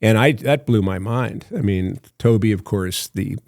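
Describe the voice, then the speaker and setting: Older guy, low gravelly voice, rambling story full of uhs, dry close sound. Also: a little mellow, dry recording. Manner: rambling, halting with many fillers, acts out phone calls. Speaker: podcast guest. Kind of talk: casual storytelling.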